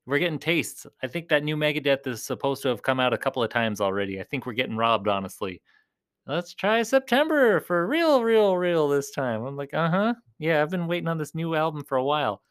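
Male vlog host in clown persona; a touch higher-pitched, loose and rambling. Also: lively intonation, brisk, fairly bright tone, clean tone. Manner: chatty, rambling, talks to viewers as "you guys". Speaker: clown character host of a collecting show. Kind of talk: casual rambling vlog chat.

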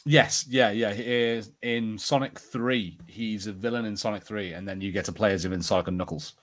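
A man's voice: fairly low pitch, steady tone, normal speed, fairly bright tone. A man co-hosting a podcast, chatting casually with frequent laughs and hesitant ums. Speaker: podcast co-host.

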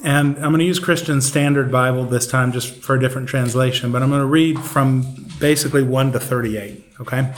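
Leading a Bible study, a man reads a devotion, prays and teaches in a conversational manner full of fillers. His medium-pitched voice stays steady, moving fairly quickly with few pauses, and the recording has a roomy echo and faint noise.

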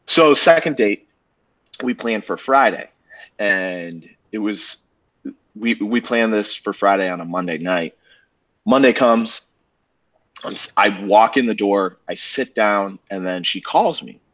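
A man's voice: on the low side, unhurried, a bit bright. A young man co-hosting a casual podcast, telling a dating story with swearing and acted-out dialogue. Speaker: podcast co-host. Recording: dull lo-fi podcast audio.

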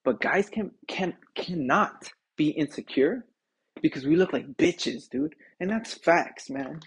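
Slightly high-pitched and husky with vocal fry, a young podcast host takes his time in a casual solo rant. He tells stories animatedly, swearing, laughing often, and addressing the listener as "dude" over and over.

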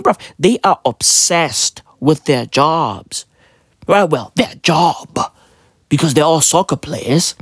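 A husky-voiced man hosts a comedic podcast, delivering a profane, mocking rant at an unhurried pace. His pitch swings wildly, firing off rhetorical questions and leaping into high yelps. The sound is dry and close. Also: expressive, no room sound. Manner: often jumps up into high, yelping exclamations. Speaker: podcast host.

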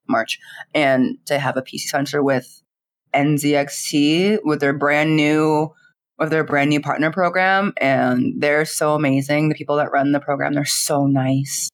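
A young woman, a streamer, chatting in an interview in a giggly, animated way, full of fillers and quoted dialogue. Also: rumbling low, normal speed. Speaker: streamer and content creator. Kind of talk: casual interview chat.

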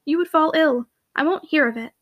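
A woman voicing a lively, outspoken young heiress who talks emphatically and decidedly. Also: sits high, a little fast, no room sound, clean studio sound, close to an everyday voice. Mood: firm.

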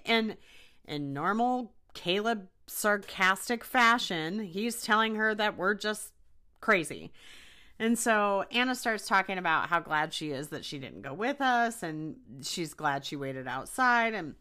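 A young woman hosts a podcast and recounts a personal experience in a loose, chatty way, full of "like" and "you know." Her pitch moves a lot and her tone is bright. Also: clean tone. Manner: chatty, animated retelling with frequent fillers. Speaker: podcast host. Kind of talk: casual storytelling.

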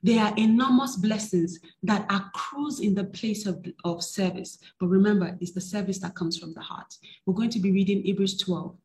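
A woman's voice: medium pitch, moderate pace, darkish tone, echoey room. A woman preaching a sermon, reading scripture and rising into emphatic bursts. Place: church.

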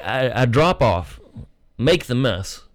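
Crude, animated young man telling a story. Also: slow pace. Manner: animated, swings his pitch when acting out quotes. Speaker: podcast co-host.

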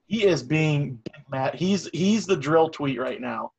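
A man's voice: on the high side, expressive, takes it slowly, gravelly, a little mellow, husky, highs cut off. A young man co-hosting a casual podcast, crude and mocking. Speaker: podcast co-host.

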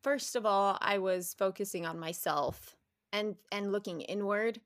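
A woman appears as an interview guest, speaking in an animated, candid way, often restarting sentences and laughing as she talks. Her mid-range voice is a little slow, and the recording is dry with clean studio sound.

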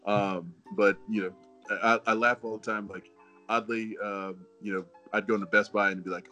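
A man in his forties speaks with a fairly low voice in an easygoing way. He tells stories and often breaks into chuckles as a relaxed podcast guest. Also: normal speed, faint music behind. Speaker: guest, former football player. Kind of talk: casual podcast chat.

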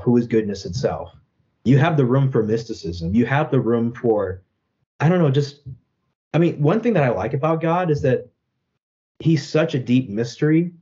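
A man's voice: medium pitch, warm tone, dull audio. A young Catholic apologist man, speaking earnestly and thoughtfully in an interview, often adding "right?" and "you know". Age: young adult. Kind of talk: reflective interview conversation.

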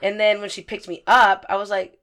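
A woman's voice: mid-range voice, brisk. A young woman co-hosting a podcast, telling stories in loose, profane casual chat. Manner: profane, storytelling, animated. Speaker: podcast co-host.

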